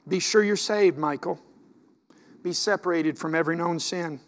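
Man, pastor, sermon, high voice, impassioned, shifts between hushed and loud. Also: moderate pace.

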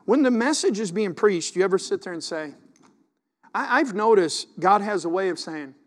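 Male pastor, middle-aged, high voice, conversational sermon delivery with rhetorical questions and quiet asides. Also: lively intonation, normal speed, slight background noise.

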